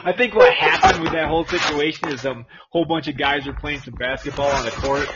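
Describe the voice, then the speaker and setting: A man's voice: on the high side, steady tone, quick pace. A man co-hosting a podcast, telling crude stories bluntly with a lot of swearing. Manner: blunt, profane storyteller. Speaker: podcast co-host. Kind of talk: crude casual chat. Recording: dull lo-fi sound with crowd noise.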